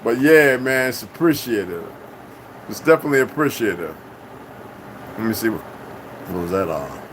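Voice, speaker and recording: A man's voice: fairly low pitch, expressive, normal speed, background noise. A man hosting his own channel, talking in a casual, rambling livestream monologue full of profanity and confrontation. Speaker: channel host.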